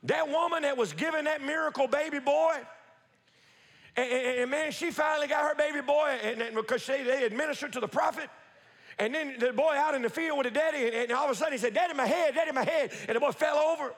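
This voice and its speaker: Pastor guy preaching, really high gravelly voice, lots of repeating n shouting, long church hall echo. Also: fast. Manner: preaching with rising shouts and repetition. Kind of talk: sermon. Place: church sanctuary. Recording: echoey hall with long reverb.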